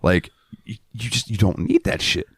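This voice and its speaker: A man co-hosting a podcast, profane and animated, retelling a comedy bit in casual chat. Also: lowish voice, normal speed, slightly rough, no echo, clean studio sound. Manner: profane, animated, laughs easily. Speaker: podcast co-host.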